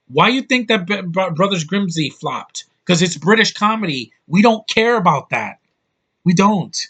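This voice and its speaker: In a fairly high, pushed and bright voice, a man vents on his YouTube vlog with a blunt, angry opinion rant. He sounds frustrated and exasperated and swears a lot.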